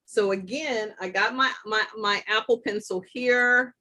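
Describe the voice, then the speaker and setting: A woman's voice: medium pitch, a little slow, sharp tone. Woman hosting a live tutorial, chatty and jokey about her own slip-ups, walks you thru each step. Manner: chatty, self-deprecating, talks through each step. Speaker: host.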